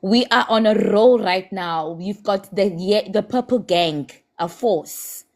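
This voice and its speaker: A woman's voice: medium pitch, slow pace, a little mellow. A woman with a South African accent in a heated live-stream debate, impassioned and scolding, slipping Zulu words into her English.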